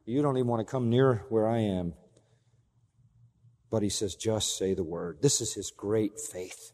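A man preaching an expository sermon as pastor, emphatic, with big swings in pitch and loudness and rhetorical questions to the congregation. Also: unhurried, in a large hall.

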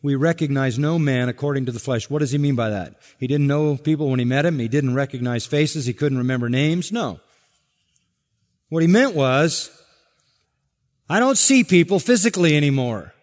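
A man's voice: medium pitch, moderate pace, a little mellow. A man preaching a sermon as pastor, emphatic and building his points through rhetorical questions. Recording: long reverb from a large hall.

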